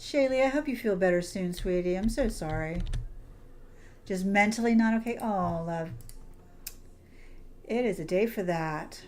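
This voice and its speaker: A woman's voice: mid-range voice, animated, measured pace, long pauses, a little mellow. A woman streaming a game, chatting casually and affectionately with her viewers, calling them sweetie and hon. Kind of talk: casual livestream chat while playing.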